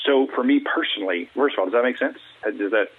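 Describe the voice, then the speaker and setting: A man from the US Deep South, a mental wellness coach, talking earnestly and acting out quoted small talk. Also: fast. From Alabama, US Deep South. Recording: tinny phone line, husky.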